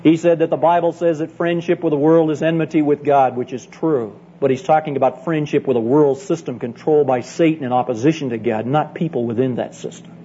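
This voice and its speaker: A middle-aged man who teaches at a Bible college preaches to church leaders with a warm, slightly high voice, fairly even in intonation, a little fast, and with few pauses. The sermon is earnest and emphatic, full of stories and appeals, recorded on dull lo-fi tape with faint hum.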